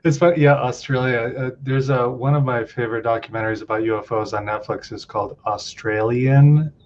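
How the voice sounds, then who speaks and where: A relaxed man, a meditation teacher on as a guest, talks at a mid pitch with easygoing hesitations. His voice comes through dull, muffled call audio, with a faint rumble underneath. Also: fairly quick. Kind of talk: casual live-stream chat.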